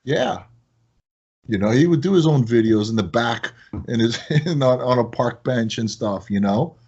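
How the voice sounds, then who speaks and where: A man's voice: moderate pace, breathy edge, dull audio. A man talking casually as a guest on a podcast, telling stories with a lot of energy. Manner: animated storyteller, rising high when excited. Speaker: podcast guest, product company owner.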